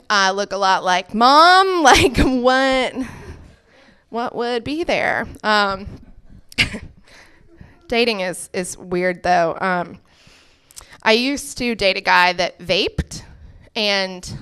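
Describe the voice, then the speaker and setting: A woman's voice: fairly high pitch, fairly bright tone, clean tone. A young woman doing a stand-up comedy set, chatty and self-mocking, acting out the people she quotes.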